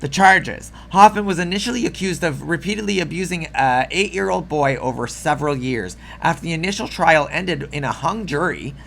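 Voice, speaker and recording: A man ranting through a video commentary with biting sarcasm and plenty of swearing, his voice gravelly and fry-laden. The tone is bright and sharp, and his throat sounds a little rough. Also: fairly high pitch, a little hiss or hum. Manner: sarcastic, profane, exasperated ranting. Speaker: political commentary host.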